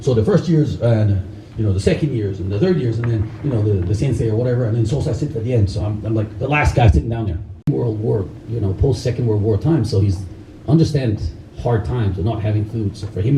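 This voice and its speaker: A middle-aged man who is a karate instructor, telling animated stories to a live audience, laughing often and acting out the people he quotes. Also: lowish voice, fast talker, slight background noise. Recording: echoey room, voice far from mic.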